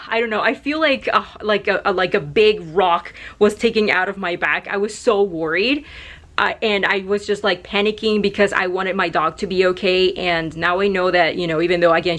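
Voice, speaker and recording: A woman's voice: mid-range voice, a bit bright. Emotional young woman vlogger talking to camera. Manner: emotional, grateful, rambling with many fillers. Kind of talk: casual talk to camera.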